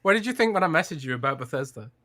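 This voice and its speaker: A man co-hosting a casual podcast, his voice bright and forward. He talks in a relaxed, easy way and laughs readily. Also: fairly high pitch, racing. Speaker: podcast co-host. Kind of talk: casual chat.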